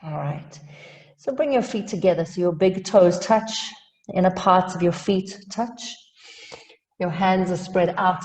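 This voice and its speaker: A woman teaching a yoga class, giving calm cues with light humor and sounding a little out of breath. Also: mid-range voice, long reverb tail. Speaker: yoga instructor.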